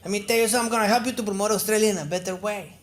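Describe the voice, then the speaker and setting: A man's voice: high-pitched, racing, lightly acted. A man voicing an eager, pushy male Mexican tourism advisor. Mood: salesy. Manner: pushy, salesman-like, animated.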